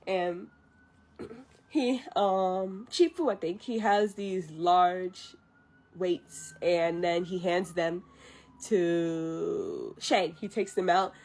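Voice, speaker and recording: A woman's voice: lowish voice, expressive, extremely slow, darkish tone. A young woman streamer casually retelling a film from memory, rambling, unsure and often correcting herself. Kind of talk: casual livestream storytelling.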